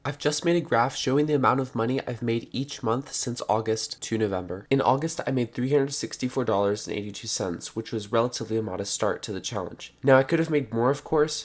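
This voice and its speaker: Young guy telling his vlog story, plain earnest voice, pretty matter of fact. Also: mid-range voice. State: out of breath. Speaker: vlogger. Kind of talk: vlog narration mixed with on-location clips.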